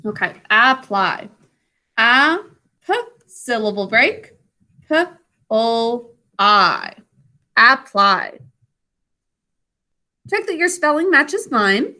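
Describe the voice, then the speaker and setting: A woman teacher runs a spelling and grammar lesson by video call in a high, bright, sing-song voice. Speaking slowly and clearly, she sounds out words and encourages the class.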